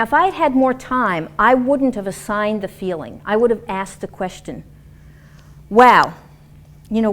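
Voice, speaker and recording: A woman lecturing a class on dance and movement therapy in an animated, demonstrative way, acting out example voices. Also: mid-range voice.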